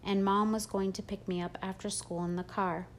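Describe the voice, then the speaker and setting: A woman reading a first-person audiobook in a steady, plain storytelling manner. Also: medium pitch, normal speed, a little hiss or hum. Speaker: audiobook narrator.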